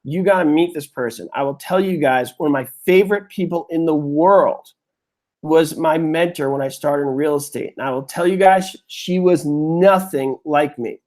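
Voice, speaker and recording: A man's voice: a little high, normal speed, darkish tone. A man hosting a live webinar lesson, talking to viewers in a chatty, heartfelt way and calling them "you guys". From New York. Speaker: webinar host.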